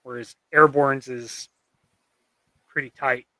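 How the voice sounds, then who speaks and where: A young man hosting a live stream about customizing toys, chatting casually and easygoing, halting now and then with fillers. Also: medium pitch, fairly even intonation, sharp tone, dry recording. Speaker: host and toy customizer.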